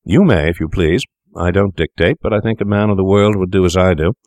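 Low-voiced reader doing a cool, unscrupulous young doctor, sneering and worldly. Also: male voice, fairly quick, darkish tone, dry recording, studio quality. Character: clever, cynical young male doctor.

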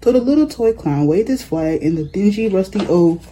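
A storyteller reading a children's picture book aloud, steady with small slips. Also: mid-range voice, moderate pace, slight background noise, rough recording.

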